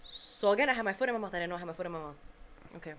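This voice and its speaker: A woman hosting a podcast, telling a story in casual chat, animated and acting out the quotes, with casual swearing. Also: fairly low pitch, very fast, slight background noise. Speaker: podcast host.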